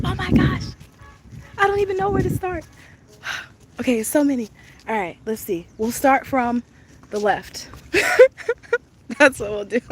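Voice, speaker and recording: Brief: young woman, travel vlogger, high bright lively voice, gushing and chatty, live phone stream outside with park noise around her. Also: measured pace, pauses often. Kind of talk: live-streamed walking tour. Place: outdoor lakeside park. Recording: outdoor noise, wind and ambience.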